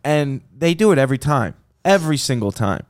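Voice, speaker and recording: Man telling an animated story. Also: medium pitch, brisk, no echo, studio quality. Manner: animated storytelling with quoted voices. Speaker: podcast host. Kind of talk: casual chat.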